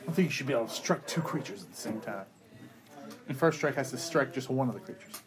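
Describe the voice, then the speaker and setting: A man's voice: medium pitch, lively intonation, fast, noisy background. A man playing a card game, ribbing his friends in casual chat. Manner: teasing, dry ribbing of friends.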